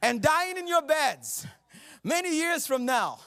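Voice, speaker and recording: A man putting on a deliberately bad Irish-style accent to voice a rousing warrior leader giving a battle speech. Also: extremely high pitch, sing-song, no echo, clean studio sound, pitched above the performer's own voice, heavily acted. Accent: mock Irish-style accent, deliberately bad. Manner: shouted, drawn-out, rallying delivery.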